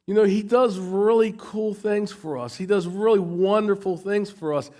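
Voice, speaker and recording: A man's voice: sits high, normal speed, dark tone. A middle-aged American man preaching a sermon, often stumbling and repeating words as he goes. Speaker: pastor.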